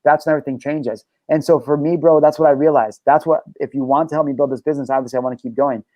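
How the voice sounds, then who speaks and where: Fast-talking, emphatic, profane male host. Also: fairly high pitch, fairly even intonation, no room sound, lo-fi sound. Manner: emphatic and profane, telling personal stories. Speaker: show host and life coach. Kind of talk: casual podcast conversation.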